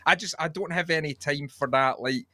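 Bright-voiced Scottish man musing sweary. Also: a little high, normal speed, dry recording. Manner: rambling, sweary, reflective. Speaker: podcast co-host. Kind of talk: casual chat.

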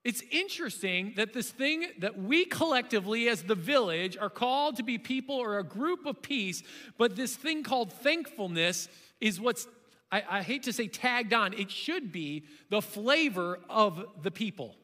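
A man preaching a sermon as pastor, talking in a conversational, animated way that breaks into sudden loud bursts. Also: sits high, normal speed, big-room sound.

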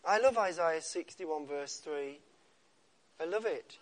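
A male preacher with a fairly high voice who delivers his sermon slowly. He pauses for effect and often drops to a soft hush on key words. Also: expressive.

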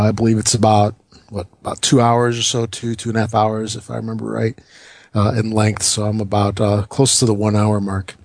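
Gravelly, relaxed male podcast co-host. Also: medium pitch, dry recording. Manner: easygoing, hesitant with many uhs. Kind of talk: casual gaming podcast chat.

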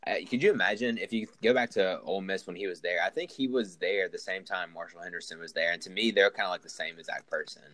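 A man's voice: deep voice, fast, few pauses, pushed and bright, no echo, rough recording. A young man hosting a casual sports talk show, who rambles and restarts his sentences as he talks. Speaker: podcast host.

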